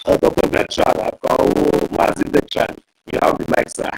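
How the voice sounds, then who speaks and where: A man moderating an online audio meeting, passing the mic along in a hurried, stumbling way. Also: noisy background.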